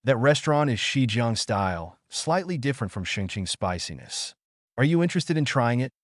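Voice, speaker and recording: A man's voice: medium pitch, very animated, moderate pace, no room sound, natural voice. A man reading as a polite, curious young college student, his voice moving up and down a lot. The sound is dry and close, as in a storybook recap. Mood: suggesting.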